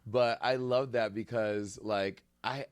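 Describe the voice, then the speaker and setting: Man, low voice, from New York City, lively self-mocking anecdotes, casual talk. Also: slow, clear, resonant tone. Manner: animated, self-mocking storytelling. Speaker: podcast guest. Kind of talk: casual chat.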